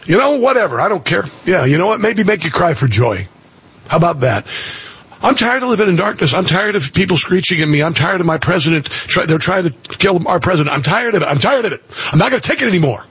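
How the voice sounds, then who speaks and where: A husky, breathy-voiced man in his sixties holds forth on talk radio, preachy and emphatic, hammering his points by saying them twice. His voice sits a little high for a man and sounds close and dry. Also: very animated, fast talker, a bit bright, no room sound. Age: 60s. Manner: preachy, emphatic, repeats phrases for effect. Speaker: radio talk show host. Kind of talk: impassioned talk radio monologue.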